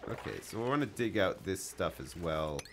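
A man's voice: deep voice, lively intonation, normal speed, noisy background. A man casually commenting while he plays a game on a live stream, joking and chatting with his viewers. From Canada.

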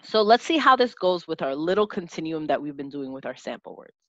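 A woman teaching a lesson, sounding out letters and syllables slowly and clearly as an instructor. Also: low-pitched, big pitch swings, dry recording, lo-fi sound. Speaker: teacher and test-prep instructor.

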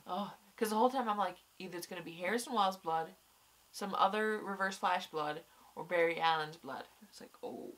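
A young woman with a voice on the low side rambles excitably through a casual review of a TV episode, speaking fairly quickly. She swears a lot and sounds tired, her nose stuffed up from crying.

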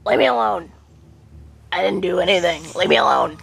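A woman's voice: on the low side, animated, moderate pace, gravelly, a bit bright, heavily acted. A woman voicing a grumpy, sleepy male dog who whines and complains about being bothered. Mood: irritated. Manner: whiny, complaining.

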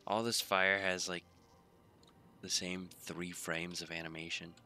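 A man's voice: low voice, flat delivery, unhurried, sharp tone, slight background noise. A man casually commenting on his gameplay in a laid-back, drowsy, mumbling way. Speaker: gaming YouTuber.

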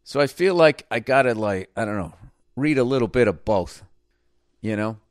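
A man's voice: lowish voice, expressive, moderate pace, no room sound, studio quality. A man hosting a podcast, rambling through a casual comedic monologue with lots of swearing and sudden mocking voices. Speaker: podcast host.

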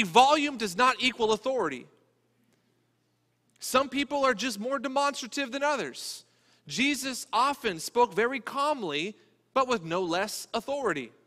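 A man preaching to his congregation in a relaxed, conversational way, slipping in jokes and quick impressions of the people he quotes. His voice sits high and sounds bright and forceful. The sound carries a long reverb, as in a church sanctuary. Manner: conversational, joking asides, acts out quoted voices. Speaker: pastor. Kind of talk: sermon.

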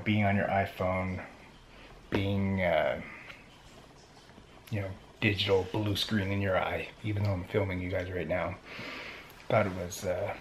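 A man vlogs to camera in an easygoing, chatty way. His voice sits low with a gravelly edge. Faint background noise hums along under the handheld recording. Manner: chatty and upbeat, drops to a hushed whisper at night. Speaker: vlogger. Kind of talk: casual vlog talk to camera.

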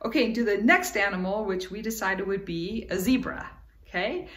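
A woman's voice: medium pitch, normal speed, fairly bright tone. A woman giving a children's Bible lesson at home in her living room, cheerful and encouraging as she talks straight to the kids. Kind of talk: teaching young children, with singing.

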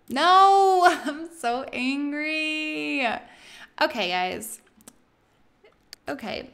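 A bubbly woman chats her way through a let's play in casual commentary, excitable and full of "like". Her voice sits a little high. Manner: bubbly, chatty, excitable, lots of "like".

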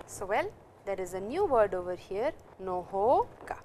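An Indian woman with a dark, mid-range voice and big pitch swings gives a recorded Japanese lesson, with a little hiss or hum in the audio. She explains grammar slowly, step by step, and reads dialogue examples aloud.

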